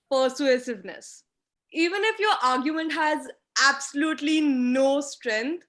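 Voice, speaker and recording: A woman's voice: high-pitched, fairly bright tone. Emphatic woman giving an online lecture. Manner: emphatic, instructive, talks with hand gestures. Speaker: guest speaker teaching mooting. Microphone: video call.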